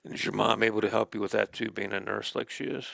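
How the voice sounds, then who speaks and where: A man's voice: on the low side, steady tone, fast, creaky, fairly bright tone, no room sound. A man hosting a local sports talk show, interviewing a young wrestler in a chatty, jokey way. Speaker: host.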